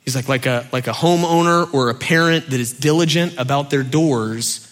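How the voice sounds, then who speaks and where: A middle-aged man preaching a sermon in a loose, conversational way, full of fillers, dropping soft for key points. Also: medium pitch, moderate pace. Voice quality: animated storyteller, acts out shouting parents. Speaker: pastor.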